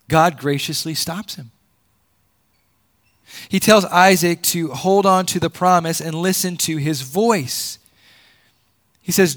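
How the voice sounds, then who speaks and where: Guy preaching a sermon, kinda high voice, gets loud then drops way down low. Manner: swings between loud emphatic peaks and low quiet drops; repeats words while building a point. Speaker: pastor.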